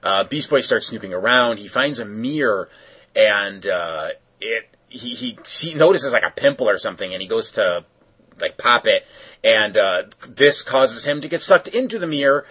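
Husky guy rambling thru a cartoon recap, lots of ums. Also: lowish voice, expressive, moderate pace, sharp tone, low-quality recording. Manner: rambling, filler-heavy storytelling. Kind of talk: casual episode recap.

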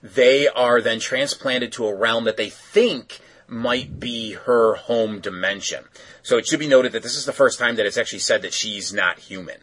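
A man's voice: medium pitch, moderate pace, fairly bright tone, slight background noise, low-quality recording. A man casually recapping a cartoon episode, rambling with lots of fillers. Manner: rambling, filler-heavy storytelling.

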